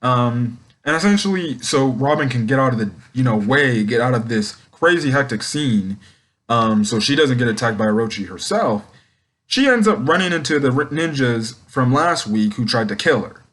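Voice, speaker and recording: A young man rambles through a casual recap and review of an anime episode. He keeps starting over mid-sentence and fills gaps with ums. His voice sits at an ordinary middle pitch. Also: animated, normal speed, fairly bright tone. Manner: rambling, many ums and restarts.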